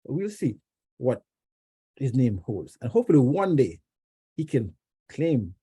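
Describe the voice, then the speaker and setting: Man, from Jamaica, club speech, very dark husky voice, animated pitch, restarts often. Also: unhurried. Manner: storytelling with acted quotes, frequent restarts. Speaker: club member giving an icebreaker speech. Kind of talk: personal prepared speech. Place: club meeting room.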